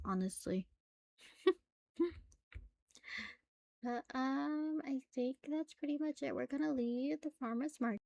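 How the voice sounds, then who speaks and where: Woman gameplay storyteller, casual and filler-heavy, slightly high voice, lots of fry. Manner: chatty, filler-heavy with frequent "like". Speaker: gameplay narrator. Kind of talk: casual let's-play storytelling.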